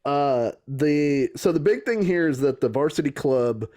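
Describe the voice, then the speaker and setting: A man's voice: on the high side, expressive, a little slow, a little mellow. A man co-hosting a comedy podcast in casual chat, joking and laughing often as he recaps wrestling. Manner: joking, laughs often, uses voices for quotes. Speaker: podcast co-host.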